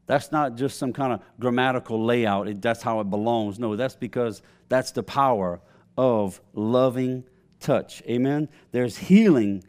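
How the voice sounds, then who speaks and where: A man's voice: mid-range voice, unhurried, a little mellow, clear, resonant tone. A man in his thirties preaching a sermon, telling a family story and calling out to the congregation. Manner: storytelling with call-outs to the congregation. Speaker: pastor.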